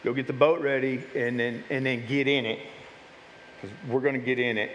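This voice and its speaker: Speaking at a medium pitch with fairly even intonation and normal speed, a male pastor gives a relaxed, conversational sermon to his church, often repeating himself and starting over. The church sanctuary adds long hall reverb, with slight background noise.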